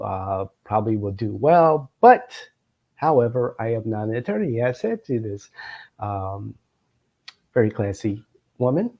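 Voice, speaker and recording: A man's voice: medium pitch, gravelly. Middle-aged man telling a rambling story. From Florida, United States. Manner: meandering, many filler sounds, chuckling asides. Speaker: political consultant and show host. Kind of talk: anecdotal storytelling to camera. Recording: dull lo-fi sound.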